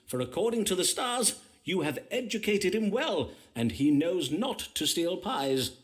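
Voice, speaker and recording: A man's voice: sits high, big pitch swings, unhurried. An actor playing a bumbling, theatrical male astrologer doctor in Elizabethan times, speaking in stagey old-fashioned English. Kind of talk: period game voice acting.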